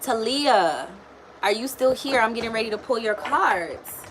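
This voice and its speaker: A woman's voice: on the high side, animated, a little slow, fairly bright tone, a little hiss or hum. A woman giving a casual live-stream tarot and astrology reading, blunt and slangy, swearing and chatting with viewers. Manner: blunt, slangy, swears freely, talks to chat.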